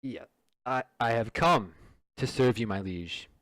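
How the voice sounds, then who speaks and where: Pompous space wizard, male, halting mock-formal read, voiced by a man reading a fan story. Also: mid-range voice, fairly bright tone, no echo, studio quality, natural voice. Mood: mock-solemn.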